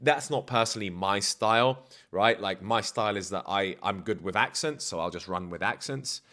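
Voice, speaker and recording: A man's voice: on the low side, moderate pace, sharp tone. A man talking as a dating coach in a casual vlog, blunt, slangy and self-assured.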